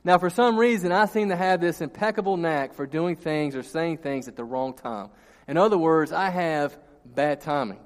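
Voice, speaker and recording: A man preaching a sermon, telling a funny story from his childhood before turning to scripture in a lively storytelling manner. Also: fairly high pitch, normal speed. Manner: storytelling, animated, laughs at own jokes. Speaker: pastor. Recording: long reverb in a large hall.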